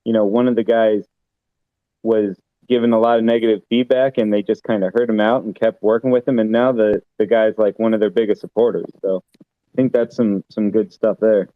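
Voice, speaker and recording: A man's voice: fairly low pitch, steady tone, brisk, no room sound. Man on a voice call, dry and muffled sound, thoughtful rambling talker. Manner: rambling, thoughtful, many fillers and restarts. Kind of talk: casual voice chat. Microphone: online voice call.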